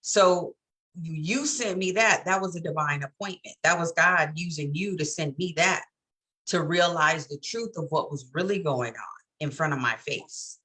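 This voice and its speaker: Bright-voiced woman in candid chat. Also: deep voice, normal speed. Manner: candid, storytelling, laughs often. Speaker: co-host. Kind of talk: casual chat.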